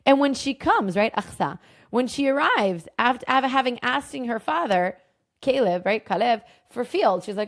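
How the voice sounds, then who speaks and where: A woman hosting a casual lesson, retelling a Bible story in an animated, enthusiastic, chatty way. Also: a little high, moderate pace, vocal fry. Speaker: host and Bible teacher.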